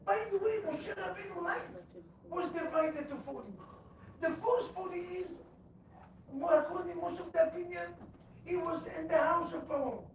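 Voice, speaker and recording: A man's voice: very high-pitched, normal speed. A rabbi teaching a Torah class, quizzing his listeners and telling stories. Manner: quizzes the audience, lively storytelling. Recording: echoey room, distant mic, background noise.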